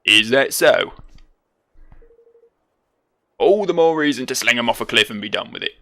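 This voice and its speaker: A man voicing a gruff middle-aged male sky pirate, reading the game's lines aloud in an old-timey pirate growl. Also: mid-range voice, expressive, normal speed, pushed and bright. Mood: scornful. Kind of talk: reading game dialogue aloud in voices.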